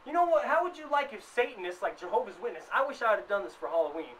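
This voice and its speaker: A man ranting in a comedic vlog, swearing freely, worked up, with bursts of loud emphasis. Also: high-pitched, sing-song, fast. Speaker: vlogger. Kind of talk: comedic rant. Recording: distant mic, faint background noise.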